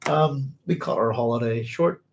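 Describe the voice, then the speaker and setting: A man's voice: medium pitch, normal speed, slight background noise. A man hosting a casual book club discussion from home, chatty and rambling, laughing easily.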